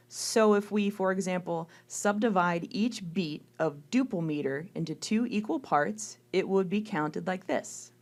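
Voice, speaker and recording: A woman reading a scripted music lecture, explaining terms clearly and counting beats aloud. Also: lowish voice, darkish tone.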